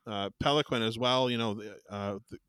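A man's voice: fairly low pitch, brisk, a bit bright, clear, resonant tone, dry recording. Man, podcast co-host, rambling, casual swearing, dry close mic. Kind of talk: casual chat.

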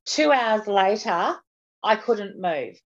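A woman guest speaking candidly in an interview, halting and often restarting her sentences. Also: mid-range voice, expressive, muffled recording. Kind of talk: personal interview.

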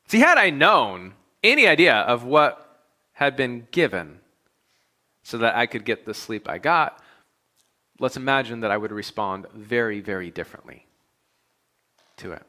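A young adult man, a pastor, preaching a sermon in a relaxed, conversational storytelling way. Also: mid-range voice, normal speed, long pauses. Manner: conversational storytelling, animated when quoting himself.

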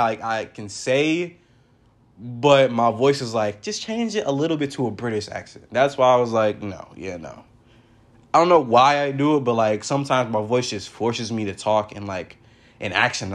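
A young man hosting a casual solo podcast, rambling in loose slang and laughing often. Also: medium pitch. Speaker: podcast host.

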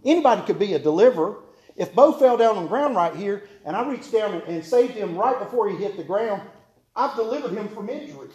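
High-voiced folksy preacher, a man. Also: expressive, brisk, a little mellow. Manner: homespun, joking, repeats key phrases for emphasis. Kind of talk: folksy sermon to a congregation.

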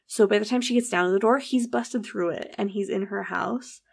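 A woman's voice: medium pitch, fairly quick, creaky, slightly rough. A woman casually telling a true story, acting out the people's lines and swearing freely. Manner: animated, acts out quoted dialogue, swears casually.

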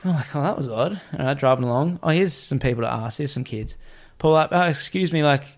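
Animated man telling a story. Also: medium pitch, fast. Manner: animated, acts out quoted voices, swears casually. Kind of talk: casual storytelling chat.

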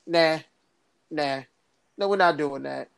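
A woman co-hosting a casual political podcast, talking in an animated, sarcastic way, with laughs and mocking impressions. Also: low-pitched, takes it slowly, creaky, smooth. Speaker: podcast co-host.

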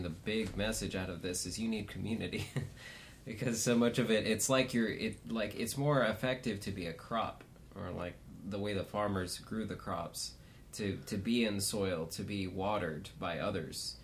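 A man's voice: fairly low pitch, moderate pace, a little hiss or hum. A man in a casual podcast discussion, talking thoughtfully and searching for his words.

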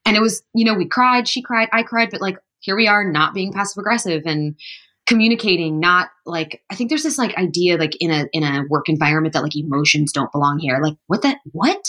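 A woman's voice: lowish voice, brisk, pushed and bright. A woman in her thirties, a podcast guest talking in a chatty, upbeat way with lots of "like" and "you know". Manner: chatty, upbeat, heavy use of "like". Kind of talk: casual interview chat.

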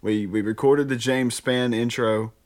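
A man chatting loosely on a podcast mic. He jokes constantly, trips over his fillers and laughs between lines, with a plain middle-pitched voice. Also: steady tone, measured pace, darkish tone. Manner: jokey, lots of fillers and laughing. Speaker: podcast co-host. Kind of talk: casual chat.

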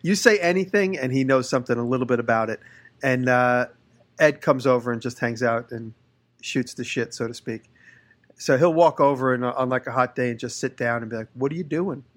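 A man's voice: mid-range voice, a little fast. A man hosting a casual podcast, telling long rambling anecdotes about his workshop. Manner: rambling anecdotes, with voices for the people he quotes. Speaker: podcast host, woodworker. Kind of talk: casual chat, storytelling.

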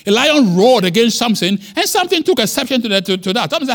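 A man preaching a sermon as pastor, emphatic, with wide swings in pitch and loudness. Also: very animated, fast.

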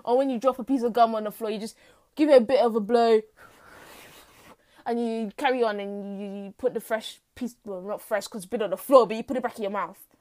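Chatty, high-voiced teen girl. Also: a little fast, darkish tone. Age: teens. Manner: rambling, playfully dramatic, chatty. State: tired, lightheaded. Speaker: podcast host. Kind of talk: unscripted casual monologue. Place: home. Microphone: home mic.

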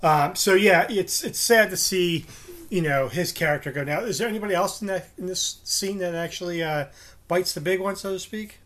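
A man's voice: sits high, moderate pace, a bit bright. A man co-hosting a casual chat, asking guiding questions with some fillers. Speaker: podcast co-host.

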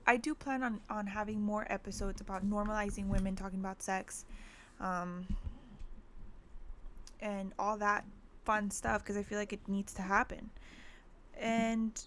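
A woman's voice: medium pitch, a little hiss or hum. A young woman hosting a casual podcast from home, talking bluntly and candidly with heavy cursing. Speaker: podcast host.

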